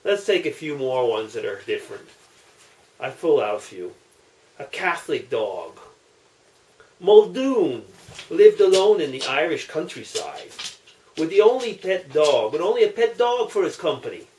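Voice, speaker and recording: A man's voice: fairly high pitch, big pitch swings, darkish tone, slight background noise. A man telling jokes in a casual video, chatty and commenting on his own stories. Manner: chatty, unhurried, self-commenting. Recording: echoey room, distant mic.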